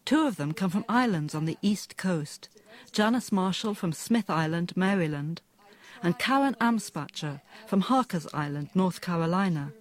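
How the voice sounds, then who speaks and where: A man presenting and narrating a documentary, asking questions in a measured, even way. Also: sits high. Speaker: radio presenter.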